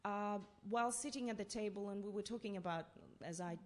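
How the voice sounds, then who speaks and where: A woman from Russia, telling stories as a playwright on a festival panel, halting and full of fillers. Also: mid-range voice. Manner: halting, with many fillers and restarts. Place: festival talk session in a hall.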